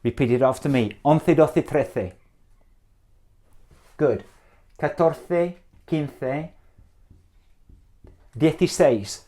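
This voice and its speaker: Speaking at a medium pitch, this middle-aged man with an English accent leads Spanish students through numbers they echo back. His manner is quick, supportive and gently humorous.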